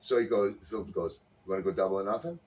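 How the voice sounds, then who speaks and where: Low-voiced man telling a story with gusto. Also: fast. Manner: animated storyteller acting out characters' lines. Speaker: podcast co-host. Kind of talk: casual chat, retelling a sitcom scene. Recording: slightly distant mic with faint background noise.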